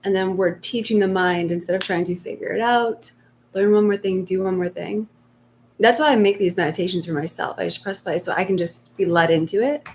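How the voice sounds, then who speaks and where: Woman, meditation coach, live stream, soft and reflective, mid-pitched voice, faint hum behind. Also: fairly even intonation. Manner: soft, slow and reflective, acting out inner voices in hushed tones.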